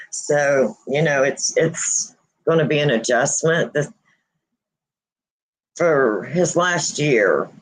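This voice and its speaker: A woman hosting a casual livestream, grieving and near tears, speaking haltingly with many pauses and restarts. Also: a bass voice, breathy edge, rough recording. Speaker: host of a paranormal channel.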